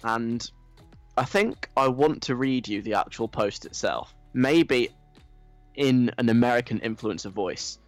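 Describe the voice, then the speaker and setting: A man's voice: medium pitch, no echo. A man giving a sarcastic, conversational commentary in a dry, mocking manner. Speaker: commentary host.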